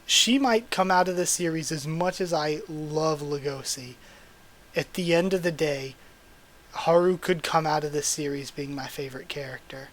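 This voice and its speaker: A man hosting a live manga reading and reaction, excited and gushing as he talks through the pages. His voice sits a little on the high side for a man. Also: normal speed. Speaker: channel host.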